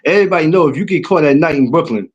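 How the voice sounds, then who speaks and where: A man with a New York accent talks in an easy, slangy way, looping back with asides as he tells stories. His voice sits a little high for a man. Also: very fast, breathy edge, muffled recording. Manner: laid-back street slang, storytelling with repeated asides. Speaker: guest. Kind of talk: casual chat.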